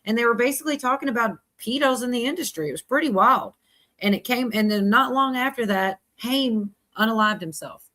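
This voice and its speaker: A woman's voice: fairly high pitch, a little fast, fairly bright tone. Chatty woman hosting a livestream. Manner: rambling, chatty, laughs often. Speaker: livestream host. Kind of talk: casual chat.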